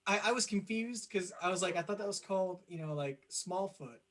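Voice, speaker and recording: A man's voice: high voice, a little fast, a bit bright. A young man co-hosting a podcast, chatting casually and enthusiastically, laughing often. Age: young adult. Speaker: podcast co-host. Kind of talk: casual chat.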